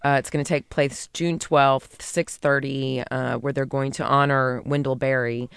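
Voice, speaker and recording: A woman co-hosts a garden talk show, her voice a little hoarse but still smooth underneath. She tells stories in a lively, chatty way. The sound is close and dry. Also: rumbling low, normal speed, no room sound. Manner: lively storyteller. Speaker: radio garden show co-host. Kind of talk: casual chat.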